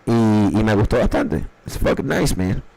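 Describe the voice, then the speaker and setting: A young man livestreaming from his dark bedroom, chatting casually and profanely in a rambling, jokey way as he reviews listeners' beats. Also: on the low side, animated, normal speed, vocal fry, rough recording. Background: faint music.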